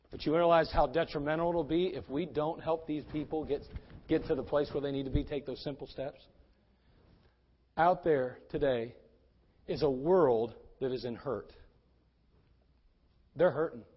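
A man preaching a sermon, moving between loud, urgent exhortation and quiet pleading. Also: a little high, long reverb tail, lo-fi sound.

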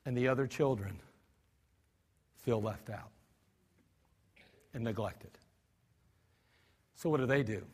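A male pastor preaching a sermon, animated, acting out cries and mock cussing with frequent restarts. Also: mid-range voice, takes it slowly, pauses often, husky. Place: church sanctuary. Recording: archived service recording with long hall reverb.

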